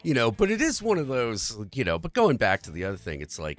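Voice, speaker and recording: Barely pausing, this livestream host speeds slightly through an earnest, wandering, cursing rant about society, his mid-range voice swooping wildly in pitch. It's a casual political rant with faint music underneath.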